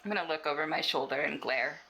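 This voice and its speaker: A woman's voice: low voice, fairly even intonation, quick pace, bright, forceful tone, poor audio. A woman playing a tabletop game, chatting playfully about her character. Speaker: player. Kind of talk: casual table talk.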